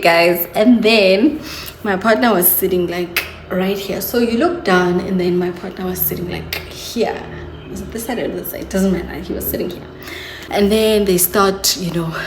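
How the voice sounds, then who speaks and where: A woman's voice: medium pitch, slight background noise. A young woman, telling a story to her viewers in a chatty, confiding way. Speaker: vlogger. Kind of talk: casual storytelling to camera. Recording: echoey room.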